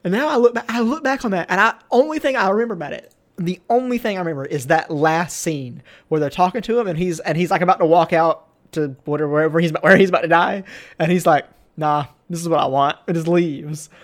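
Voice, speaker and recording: A man's voice: sits high, fast. A man co-hosting a comedy podcast, making dry, wry remarks and chuckling. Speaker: podcast co-host. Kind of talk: casual comedic chat.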